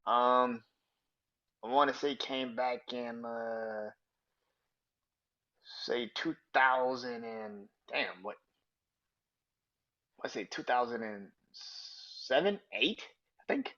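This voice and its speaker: A man hosting a casual solo podcast, talking in a loose, profane, excited way and laughing often. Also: medium pitch, slow pace, long pauses, highs cut off. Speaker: podcast host.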